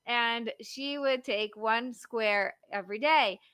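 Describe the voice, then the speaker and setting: A chatty woman in her thirties, talking easily and filling her stories with little fillers. Her voice sits a bit high and sounds bright, close and dry. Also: takes it slowly, smooth, dry recording. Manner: chatty storyteller, lots of likes and you-knows. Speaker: marriage coach. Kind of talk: casual podcast chat.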